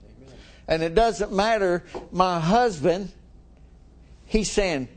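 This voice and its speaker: A man's voice: a little high, animated, unhurried, a little mellow. A middle-aged male preacher giving a folksy, conversational sermon, chuckling often and asking the congregation questions.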